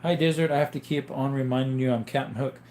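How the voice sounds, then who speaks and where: A man's voice: mid-range voice, fast talker. A man chats casually on his live stream. He welcomes viewers and reads their questions aloud. His answers wander easily, full of little fillers. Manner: relaxed, rambling explanations with fillers.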